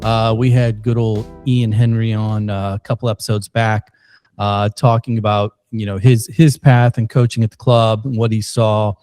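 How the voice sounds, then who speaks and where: A man's voice: fairly low pitch, flat delivery, normal speed, darkish tone, smooth, no echo, studio quality, soft background music. A man hosting a podcast, opening the episode in a chatty, loose way with plenty of fillers. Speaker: podcast host. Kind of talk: casual podcast intro. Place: indoors, recorded in Saint Louis.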